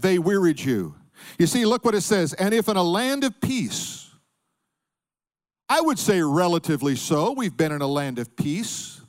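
Middle-aged male pastor, bright and animated delivery, punchy sermon style. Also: high voice. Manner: emphatic preaching with call-and-response.

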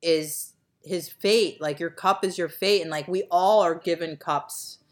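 A young woman co-hosting a casual podcast chat, rambling with lots of fillers and trailing off softly. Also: on the low side, measured pace. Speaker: podcast co-host.

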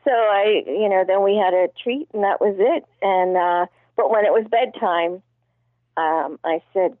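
A woman's voice: mid-range voice, a little slow, dry recording. Woman over a tinny phone line. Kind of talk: casual chat.

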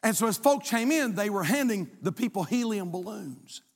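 A man preaching as pastor to his congregation, building to shouted, rhythmic lists of praise. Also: sits high, animated, moderate pace. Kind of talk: sermon. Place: large church sanctuary. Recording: long hall reverb.

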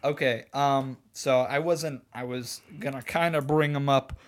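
A man's voice: mid-range voice, steady tone, a little slow. A man co-hosting a podcast, tipsy and crude, laughing often through casual chat. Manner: laughs a lot, crude and joking. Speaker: podcast co-host. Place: bedroom.

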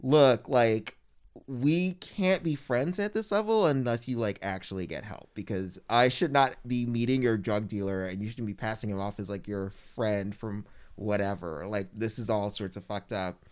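A man's voice: fairly low pitch, moderate pace, clear, resonant tone. A man telling a long personal story in casual chat. He talks animatedly, fills it with "like", and mimics the people he quotes.

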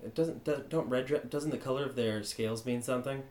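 A man's voice: medium pitch, brisk, a little mellow. A man playing in a tabletop game, chatting casually with dry wisecracks. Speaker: player. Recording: echoey room.

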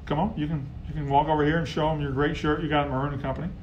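A man hosting a casual live sports talk stream, heckling rivals and getting loud when riled. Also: a little high, level tone, racing, highs cut off, a little hiss or hum. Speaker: sports show host.

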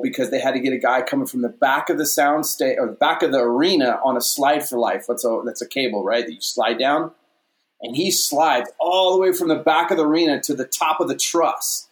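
A man telling a stage story in a casual interview, animated and often repeating "you know what I mean". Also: medium pitch, roomy sound. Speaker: guest, stage performer.

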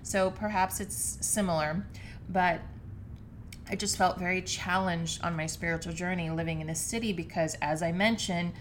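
A woman with a deep, low voice talks alone into a podcast microphone while sitting on her living room floor. She is reflective and earnest and often restarts her sentences mid-thought. The tone is that of a personal monologue to her listeners. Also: fairly even intonation, normal speed, slight background noise. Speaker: podcast host.

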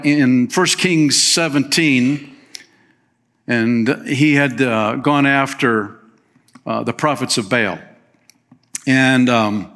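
Man preaching a lively sermon. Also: medium pitch. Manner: reads scripture aloud and comments with lively emphasis; folksy, uses fillers and plain phrases. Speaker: pastor.

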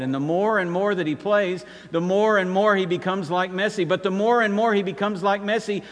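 A man preaching a sermon with emphasis, repeating key phrases and swinging between loud and soft. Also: a little high, long reverb tail. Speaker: pastor.

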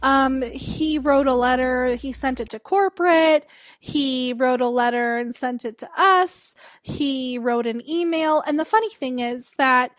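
A woman's voice: high voice, measured pace, no room sound. A woman hosting a casual chat, telling stories with lots of laughter and acting out customers. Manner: animated storyteller, laughs often, mimics callers.

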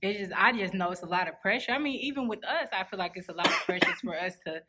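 A woman in her twenties in casual conversation, talking in a relaxed, reflective way. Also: mid-range voice, quick pace, heavy background noise. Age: 20s. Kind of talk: casual chat.

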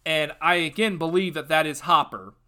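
A young man hosting a casual podcast, giving an opinionated TV review that turns into a loud, sarcastic rant. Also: on the high side, normal speed, smooth. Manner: ranting, sarcastic, gets loud and worked up. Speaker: podcast host.

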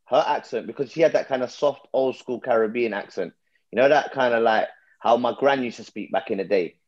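A man's voice: medium pitch, a little fast, lo-fi sound. A man giving frank opinions in casual chat.

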